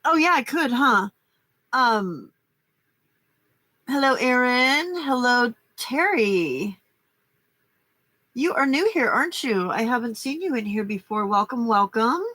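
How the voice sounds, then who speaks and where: A woman's voice: on the high side, lively intonation, takes it slowly, long pauses, bright, forceful tone, dry recording. An older woman hosting a late-night craft livestream, chatting casually with a stuffy nose, rambling and greeting viewers by name. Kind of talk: casual chat while crafting.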